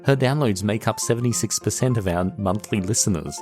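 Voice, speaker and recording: Aussie guy hosting a podcast, real low voice, jokey rambly banter, bit of music under. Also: fairly quick, hardly any pauses. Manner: jokey, rambling, arguing with himself. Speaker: podcast host.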